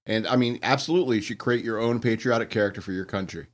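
A man's voice: fairly low pitch, quick pace. A man co-hosting a casual chat podcast, talking hesitantly with many fillers. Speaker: podcast co-host.

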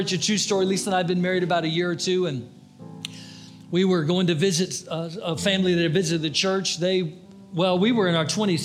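An older man preaching a fervent sermon, his voice pitched high as he presses his appeals, then sinking to hushed pleas. A faint guitar plays softly underneath him. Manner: impassioned preaching, rising and dropping to hushed tones. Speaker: pastor.

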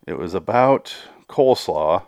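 A man's voice: low-pitched, lively intonation, unhurried, vocal fry, darkish tone, no echo. Casting: male podcast host, solo review, rambling and profane, dry close sound. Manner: rambling, profane, exasperated rants.

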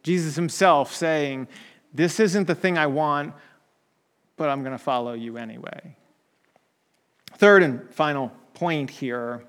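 A man's voice: fairly high pitch, big-room sound. A man preaching a conversational sermon, often checking in with "right?" and restarting his sentences.

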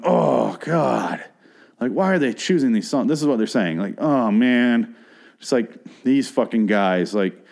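A man's voice: fairly low pitch, warm tone. A man in his thirties hosting a podcast, telling a story in a rambling and profane casual monologue with crude asides. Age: 30s. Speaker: podcast host.

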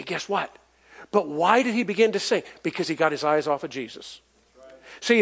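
A man preaching a sermon in a folksy, emphatic way, asking the congregation for responses and chuckling as he goes. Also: high-pitched.

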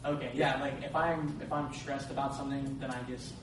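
A man's voice: mid-range voice, little pitch movement, brisk, background noise. A man in a study group answering hesitantly and thinking aloud as he speaks. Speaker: group member. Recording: distant voice in a group room.

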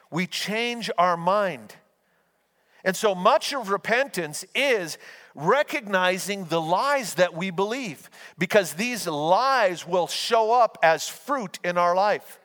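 A man with a high voice preaches a conversational sermon. He stumbles and restarts his phrases and acts out little anecdotes along the way. His voice carries a long reverb from a large hall. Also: fairly bright tone. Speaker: pastor.

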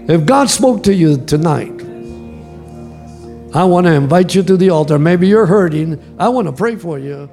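A man's voice: a little high, expressive, normal speed, vocal fry, a little mellow, soft background music. A male senior pastor preaching a passionate sermon in a church service, repeating his lines for emphasis and leading prayer. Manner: impassioned preaching, emphatic repetition. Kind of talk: sermon with altar call and prayer.

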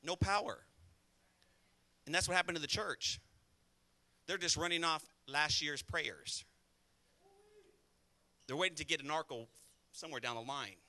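A man preaching a sermon as pastor, talking quickly and emphatically, and calling out to the congregation for responses. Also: a little high, bright, forceful tone. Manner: rapid, conversational delivery.

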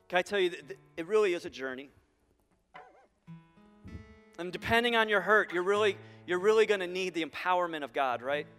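A male pastor preaching a sermon to a large congregation, animated and acting out the voices he quotes. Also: high voice, brisk, long pauses, smooth, long reverb tail, faint music behind. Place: large church hall.

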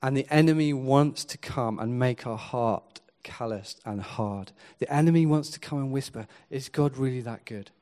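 A man preaching a sermon, earnest and swinging from quiet to emphatic. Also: mid-range voice, moderate pace, few pauses.

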